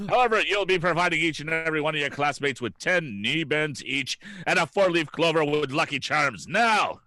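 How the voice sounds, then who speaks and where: Brief: a man doing a barking, insulting drill sergeant, lively bright delivery, dry close sound. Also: fairly high pitch, moderate pace, no room sound. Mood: gloating. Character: foul-mouthed shouting male drill sergeant. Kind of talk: improvised game voice acting.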